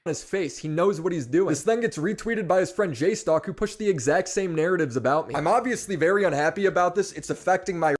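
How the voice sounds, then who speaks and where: A man with a fairly high voice speaks in a measured, scripted way and lays out a grievance in his own video. He sounds steady rather than heated. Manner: measured, aggrieved explanation. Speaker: content creator making a statement.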